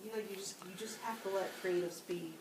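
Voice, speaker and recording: A woman's voice: medium pitch, fairly even intonation, fairly quick. Distant hesitant woman, echoey noisy room. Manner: hesitant, searching for words. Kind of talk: casual chat. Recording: distant echoey mic with noise.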